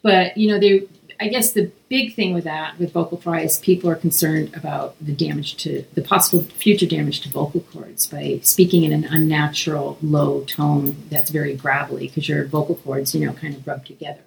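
Woman with a low gravelly voice. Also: fairly even intonation, normal speed, low-quality recording. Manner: rambling, self-correcting, thinks aloud. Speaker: podcast co-host. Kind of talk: casual chat.

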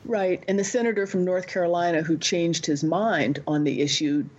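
Husky-voiced woman on a lo-fi line. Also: fairly low pitch, normal speed. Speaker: podcast panelist. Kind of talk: casual tech discussion.

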